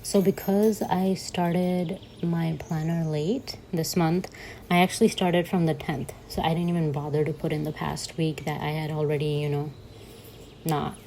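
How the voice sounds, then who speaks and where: A young woman talks casually over her journaling footage, chatty and quick to laugh at herself. Her voice sits a little low with a gravelly, fry-tinged edge. A faint hiss runs under the recording. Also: steady tone, mellow, rough recording. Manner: chatty and giggly, self-mocking asides. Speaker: bullet journal vlogger.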